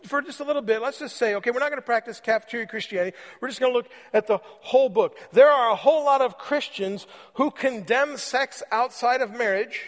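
A man preaching a sermon as pastor, conversational and repeating phrases for emphasis, slowing on key words. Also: very high-pitched, big-room sound. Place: church sanctuary.

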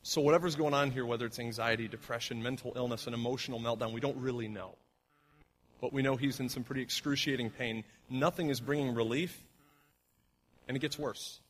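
A middle-aged man preaches to his church in a relaxed, conversational way. He leans on everyday fillers and often drops soft and low when he wants a line to sink in. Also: fairly quick, slight background noise. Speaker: pastor. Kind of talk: sermon.

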